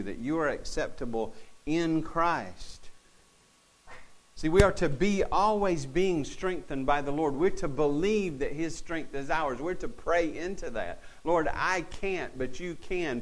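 A male pastor preaching a sermon, earnest with touches of dry humor, swinging between emphatic lines and quiet, intimate ones. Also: fairly high pitch.

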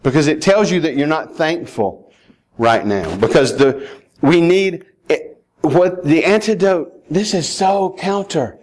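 A male pastor delivers a sermon in a somewhat high-pitched voice. He talks emphatically, pressing his listeners directly and pleading with them. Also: expressive, a little slow, darkish tone. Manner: emphatic, rising to urgent pleading.

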